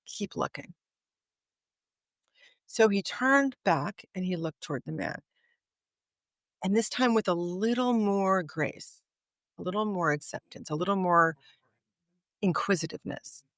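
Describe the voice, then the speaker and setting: Woman podcast guest, middle pitch, dry close mic; lively storyteller who acts out quoted dialogue. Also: measured pace, pauses often, no echo. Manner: vivid anecdote teller, acts out quoted dialogue. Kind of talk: storytelling in conversation.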